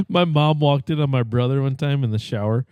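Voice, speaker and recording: A man's voice: mid-range voice, animated, moderate pace, darkish tone, clear, resonant tone, no echo. Teasing, laughing podcast man. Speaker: podcast co-host. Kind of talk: casual chat.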